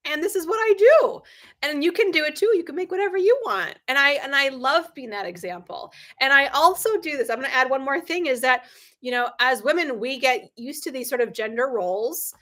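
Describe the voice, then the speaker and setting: Female live-stream coach, middle-aged; high bright voice; chatty, sarcastic storyteller who acts out quotes. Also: brisk. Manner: animated storyteller, acts out quoted dialogue with big pitch jumps; frequent ums and laughs, candid and sarcastic. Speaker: business coach hosting a livestream. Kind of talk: live-stream talk with anecdotes.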